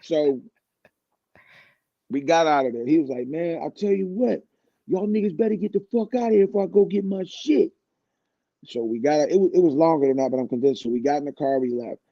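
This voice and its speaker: The recording is dry and dull, carrying a warm, medium-pitched voice. It belongs to a man in his fifties, appearing as a guest singer on a radio program and telling a long, easygoing story full of restarts.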